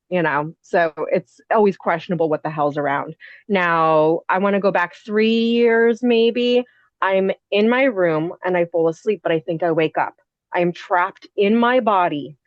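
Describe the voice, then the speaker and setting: A woman's voice: fairly low pitch, dry recording. Woman in her 30s rambling through a spooky story, lots of likes and asides, dull muffled sound, dead dry. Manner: animated, rapid asides with many fillers. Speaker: podcast guest. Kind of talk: casual storytelling.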